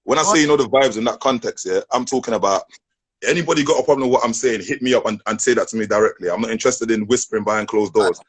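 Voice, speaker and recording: Fired-up man, husky. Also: medium pitch, racing. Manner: confrontational, repetitive, swearing. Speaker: social media live host. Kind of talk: heated live-stream rant.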